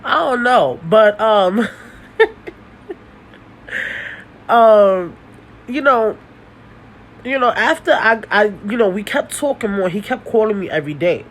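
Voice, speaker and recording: A woman's voice: mid-range voice, animated, slow pace, pauses often, rough recording. A young woman telling a story about her dating life in a casual vlog. She talks bluntly and animatedly, swears, and laughs often. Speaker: storytime vlogger.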